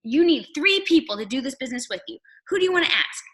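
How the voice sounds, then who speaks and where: A woman leading a motivational team call over video, energetic and rallying, firing off rhetorical questions. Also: sits high, quick pace. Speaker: network marketing leader.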